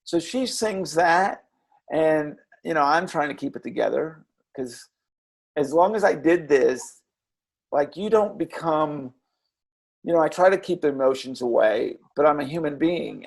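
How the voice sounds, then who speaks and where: A man reflecting earnestly as an interview guest, with a gravelly voice and frequent halting restarts. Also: a little high, animated. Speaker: interview guest, former children's character performer. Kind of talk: reflective storytelling.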